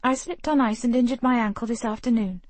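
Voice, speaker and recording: A woman voicing a flustered, quick-witted young woman who protests in a hurried way, in an audiobook. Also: on the high side, a little mellow, no room sound, voice pushed up, close to an everyday voice.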